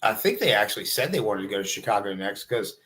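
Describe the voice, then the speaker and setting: Male police officer guest, halting speech, lots of ums, even-tempered chat. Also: fairly low pitch, crowd noise. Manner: halting, lots of fillers, measured, sees both sides. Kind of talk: casual livestream chat.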